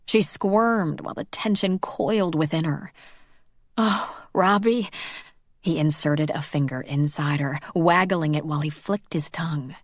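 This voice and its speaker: Low-voiced woman narrating an audiobook. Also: normal speed, few pauses, no room sound, clean studio sound.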